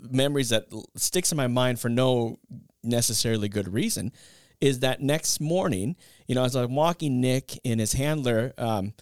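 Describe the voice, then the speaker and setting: A man co-hosting a podcast in casual chat, an animated storyteller who laughs at his own anecdotes. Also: medium pitch, moderate pace, smooth, no echo, clean studio sound. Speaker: podcast co-host.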